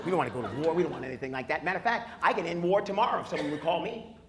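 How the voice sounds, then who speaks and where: A man performs a stand-up set on a club stage with a handheld mic, doing brash, loud, punchy crowd work with the audience. His voice is slightly high and very fast, and the live recording carries crowd laughter and room noise.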